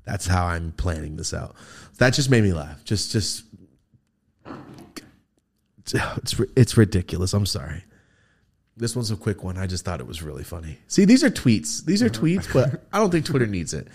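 Animated, swearing man telling funny stories. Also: deep voice, moderate pace, breathy edge. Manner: profane, animated, laughs often while telling stories. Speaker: podcast host. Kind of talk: casual comedic storytelling.

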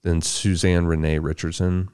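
A man hosting a podcast, narrating true crime case details in a measured, matter-of-fact way. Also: low voice, flat delivery, darkish tone, clear, resonant tone, dry recording, studio quality. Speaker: podcast host.

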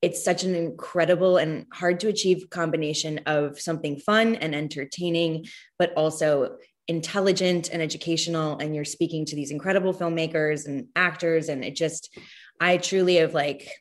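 A woman's voice: low voice, steady tone, normal speed. A woman appearing as an actor guest in a casual interview, effusive and gushing, with frequent laughter.

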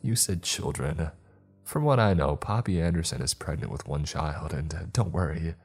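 A man voicing a cruel male doctor holding prisoners, speaking in a calm, murmuring, condescending way. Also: a bass voice, moderate pace, husky, soft background music, heavily acted. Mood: smug.

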